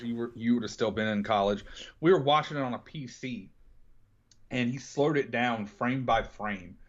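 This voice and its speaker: A man's voice: mid-range voice, dull audio. A man co-hosting a casual film podcast, retelling scenes and acting out lines. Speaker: podcast co-host.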